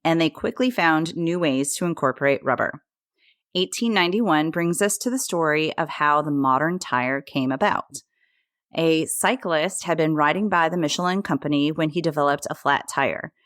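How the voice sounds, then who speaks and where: A woman's voice: low voice, moderate pace, no echo, studio quality. A woman co-hosting a podcast, telling a history story in a chatty way and correcting her own slips and pronunciations. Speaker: podcast co-host.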